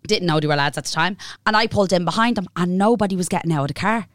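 Young irish woman, podcast co-host, lively and sweary, does little voices for people in her story, dead dry sound. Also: on the low side, racing, no room sound. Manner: sweary, animated, playful impressions of others. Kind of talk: casual storytelling chat.

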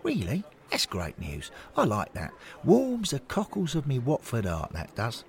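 A man voicing an elderly male football-fan ghost who talks high and excitedly, with folksy phrases. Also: a little slow, vocal fry, exaggerated voice. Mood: delighted. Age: older.

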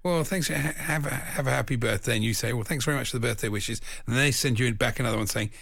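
A man's voice: mid-range voice, fast, vocal fry, fairly bright tone, no room sound, clean studio sound. A man co-hosting a casual radio show, joking and laughing often with his co-host. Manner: jokey, laughs often, puts on voices.

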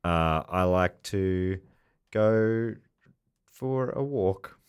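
A man's voice: sits low, clear, resonant tone. A man co-hosting a podcast, joking and telling anecdotes in casual banter. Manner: joking, quick to riff and tell anecdotes. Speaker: podcast co-host.

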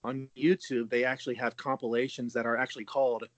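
A man's voice: medium pitch, flat delivery, fast, dry recording. A man in his thirties in a casual podcast chat, talking loosely with frequent restarts and easy laughter. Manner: chatty, laughs easily, many restarts.

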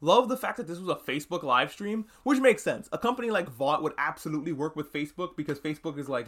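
A man hosting a podcast, recapping a TV episode in casual, animated chat and swearing freely. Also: on the high side, fast talker, few pauses. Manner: animated, swearing, acts out characters' lines. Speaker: podcast host.

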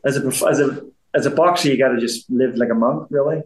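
A fast-talking former boxer in his fifties from Belfast, Northern Ireland, with a softened local accent, is guesting in a casual interview. He circles loosely, repeating phrases and restarting sentences; his pitch is ordinary, and the room adds a noticeable echo.

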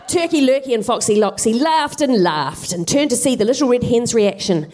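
A woman's voice: on the high side, lively intonation, normal speed, few pauses, a little mellow. A woman comedian telling a comic story on stage with wry, self-deprecating asides. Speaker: co-host, stand-up comedian. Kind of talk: comic storytelling to live audience. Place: theatre stage, live audience.

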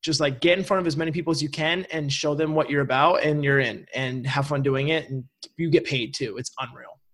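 A man's voice: on the high side, steady tone, a little fast, fairly bright tone. A young man from Vermont hosting a casual podcast chat, rambling with lots of fillers. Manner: rambling, filler-heavy, laughs easily. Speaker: podcast host.

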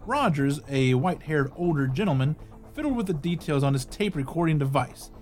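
Man reading an article aloud, slightly high voice. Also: expressive, a little fast, a little mellow. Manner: conversational asides with small restarts. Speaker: podcast host.

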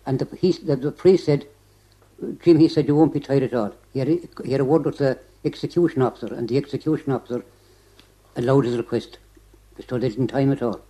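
An elderly Irish man tells a remembered story to an interviewer, his voice dark and mellow in tone. He rambles, restarts his phrases and strings everything together with "he said" after nearly every clause. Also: medium pitch, quick pace, poor audio. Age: older. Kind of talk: oral history recollection.

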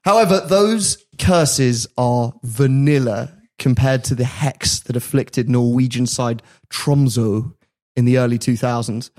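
A man's voice: medium pitch, slow, a little mellow. A man hosts a podcast and tells a story in an easy, conversational way. He breaks into laughter at his own asides. His voice sits in an ordinary middle range. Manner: laughs often while telling a story. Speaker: podcast host. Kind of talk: casual storytelling chat.

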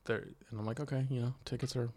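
A man's voice: medium pitch, fairly even intonation, fast, mellow. A man co-hosting a casual podcast, telling a story and acting out what people said. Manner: storytelling, acting out quotes, laughs often. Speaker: podcast co-host and comedian.

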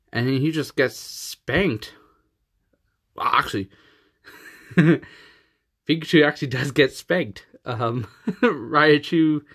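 A man in his thirties hosts a casual podcast, rambling through a recap with plenty of jokes and laughter. His voice sits on the low side, and he talks at an unhurried, drawn-out pace. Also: fairly bright tone. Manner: rambling, joking, laughs often. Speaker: podcast host. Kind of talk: casual episode recap and sponsor read.

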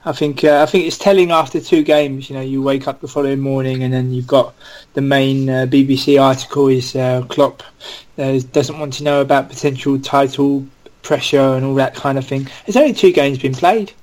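A man, a podcast guest, who talks football in a measured, hesitant way with frequent pauses. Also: mid-range voice, steady tone, darkish tone. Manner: measured, hesitant, lots of fillers. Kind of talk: casual football podcast chat.

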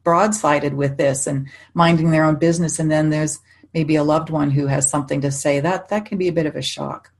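Low husky woman telling stories. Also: fairly even intonation, brisk. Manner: chatty storyteller, laughs often, frequent restarts. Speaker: psychic medium guest. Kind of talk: casual conversation.

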